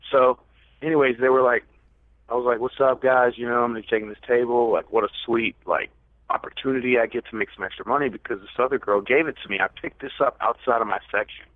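A man's voice: mid-range voice, fairly even intonation, fast talker, no room sound. A man telling a long story as a podcast guest, rambling and mocking himself. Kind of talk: casual storytelling. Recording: tinny, dry phone-like line.

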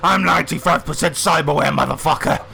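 A man's voice: on the high side, quick pace, creaky, pushed and bright, full character voice. A man voicing a fat, foul-mouthed male cyborg corporate boss who taunts and gloats in a tabletop role-play. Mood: taunting.

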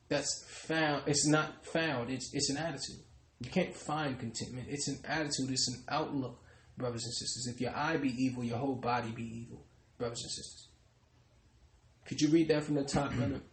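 A man preaching, with a middle-pitched voice that rings through an echoey room. He pushes each point hard and keeps turning back to his listeners. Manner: emphatic, repeatedly addresses the congregation. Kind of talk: sermon.

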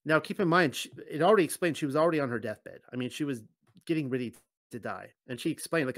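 A man's voice: a little high, quick pace, a bit bright, no echo. A man reading a scripture passage aloud as a Bible teacher and breaking off into conversational comments. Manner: conversational asides between readings.

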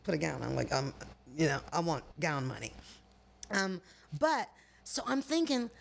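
Animated gravelly-voiced woman telling a story. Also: low-pitched, moderate pace. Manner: animated, profane, acts out quoted voices. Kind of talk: casual storytelling chat.

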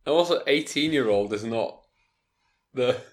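A man co-hosting a casual podcast, his voice mid-pitched and plain. He talks in a dry, understated way, often pausing before he answers. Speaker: podcast co-host.

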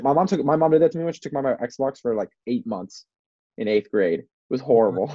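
A young man in his twenties with a husky voice rambles through crude podcast banter, cursing freely and leaning on "bro" and "like". His voice comes over a dry, slightly dull microphone. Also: mid-range voice, lively intonation, fast talker, mellow, no room sound. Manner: rambling, swears a lot, says "bro" and "like". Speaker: podcast co-host.

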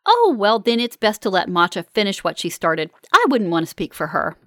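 A woman narrator putting on a bubbly young hospital technician, bright and sing-song, her voice jumping high with forced cheer. Dry, close recording. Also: very animated, quick pace, dry recording. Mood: chirpy.

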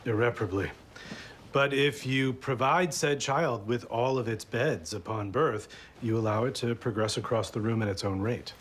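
A man's voice: medium pitch, normal speed, a bit bright, a little hiss or hum, lightly acted. An actor playing an earnest, fussy man explaining odd parenting customs in a TV drama, in a precise manner. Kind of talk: TV drama acting.

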